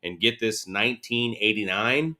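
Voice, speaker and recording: Bright-voiced man telling bike stories. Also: on the low side, normal speed. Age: 40s. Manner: animated storyteller, laughing, acts out quotes. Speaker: guest. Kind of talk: casual interview.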